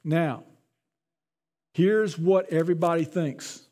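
High-voiced man preaching a sermon. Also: lively intonation, moderate pace. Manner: conversational, repeats words. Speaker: pastor.

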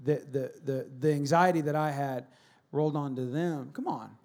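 High-voiced guy preaching at church, gets loud then goes quiet and earnest. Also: moderate pace. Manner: animated, swings between loud acted shouting and quiet earnest talk. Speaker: pastor. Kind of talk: sermon.

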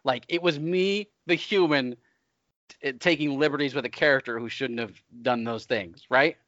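A man's voice: mid-range voice, dry recording. A man chatting casually as a podcast co-host and player, speaking emphatically and agreeing readily. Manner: animated and emphatic, quick to agree. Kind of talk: casual chat. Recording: dull dry recording.

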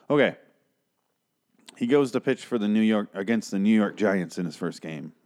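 A man's voice: fairly low pitch, animated, moderate pace, pauses often, a little mellow. A man ranting casually about an old TV episode, exasperated and profane, rambling with lots of asides.

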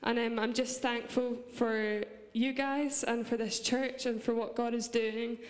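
A woman's voice: fairly high pitch, steady tone, measured pace. A young Scottish woman giving an earnest, heartfelt church sermon, now and then breaking into light laughs. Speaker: preacher. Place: large church hall. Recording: long reverb of a church hall.

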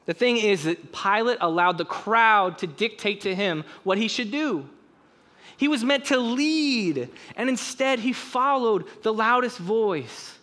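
A young man preaching a sermon, earnest and conversational, with quick casual asides. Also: sits high, animated, a bit bright. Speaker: pastor.

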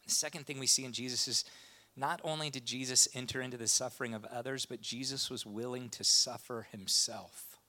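A man's voice: mid-range voice, a little fast. A man preaching a sermon with impassioned delivery. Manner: impassioned, rising to animated retellings. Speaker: pastor.

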